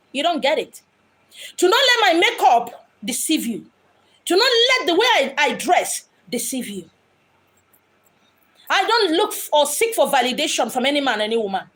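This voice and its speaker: A woman's voice: high-pitched, very animated, moderate pace, long pauses, a bit bright. A woman from Abia State in Nigeria with a Nigerian accent, a spiritual medium speaking in an impassioned, dramatic monologue. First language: Igbo. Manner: dramatic, acts out quoted voices. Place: home in Lagos.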